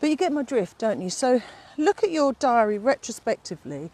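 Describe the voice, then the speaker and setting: A woman's voice: fairly high pitch, sing-song, fairly quick, a little mellow. A middle-aged woman, a fitness instructor rambling in a casual vlog outdoors, out of breath while walking up a steep hill with her phone. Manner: chatty, rambling, fond with her dog.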